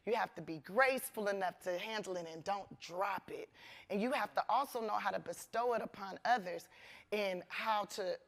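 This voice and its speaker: Woman comedian, onstage conversation, animated, earnest, emotional edge. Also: medium pitch, moderate pace. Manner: animated, acts out voices in quotes. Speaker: guest comedian. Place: conference stage.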